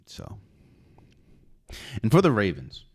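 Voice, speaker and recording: Low-voiced man with animated delivery. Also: takes it slowly, slightly rough. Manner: opinionated, emphatic, with sudden loud rises and quiet asides. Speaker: podcast host. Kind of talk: solo sports commentary podcast.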